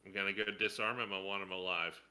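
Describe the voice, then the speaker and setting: A man's voice: sits low, fairly even intonation, quick pace, bright, forceful tone, clear, resonant tone. A man playing a tabletop game, making crude, brash jokes. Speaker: player. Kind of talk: casual tabletop role-play.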